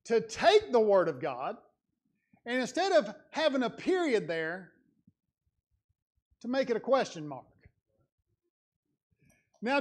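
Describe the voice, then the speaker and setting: In a church sanctuary, a high-voiced lay preacher delivers a sermon. His preaching is earnest and conversational, rising into emphatic passages.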